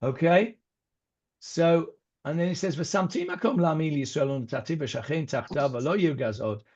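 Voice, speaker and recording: Speaking at normal speed in a fairly high, slightly mellow voice, a man teaching a Bible class as a rabbi mixes Hebrew words and verses into his informal talk. He uses lots of fillers and restarts, and the lo-fi recording sounds dull.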